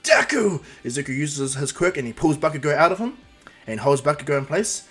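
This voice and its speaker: A man's voice: on the high side, quick pace, a bit bright, soft background music. A man casually narrating a fan-made superhero story, rambling with fillers and restarts.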